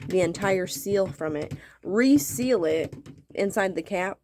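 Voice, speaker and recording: A woman's voice: medium pitch, expressive, takes it slowly, noisy background. A woman telling a story to her viewers as an angry rant, swearing constantly and repeating herself. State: irritated. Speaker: vlogger.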